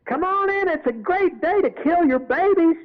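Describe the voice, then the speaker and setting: A man putting on a shrill Southern devil barker. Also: animated, moderate pace, highs cut off. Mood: barking. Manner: mocking carnival barker, high and loud. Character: male devil barking for a clinic.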